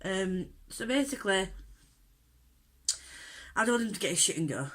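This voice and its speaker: A woman's voice: mid-range voice, sing-song, moderate pace, fairly bright tone. Indignant woman ranting. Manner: candid, indignant storytelling with many fillers. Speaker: vlogger. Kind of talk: unedited get-ready-with-me rant. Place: at home, doing her makeup.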